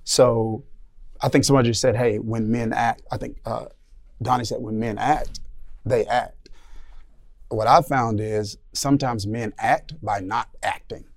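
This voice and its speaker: A man's voice: medium pitch, fairly even intonation, measured pace, vocal fry. A man on a discussion panel, thinking aloud and searching for his words. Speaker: panel guest.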